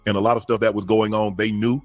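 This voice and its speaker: A man's voice: fairly low pitch, little pitch movement, fast, soft background music. A middle-aged man, a former football player, co-hosting a casual sports talk show and making emphatic points that often start with repeated words.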